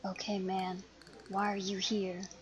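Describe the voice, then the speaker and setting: A woman's voice: mid-range voice, level tone, a little slow, natural voice. A woman voicing a paranoid, brusque teenage boy in a game, blunt and conspiratorial.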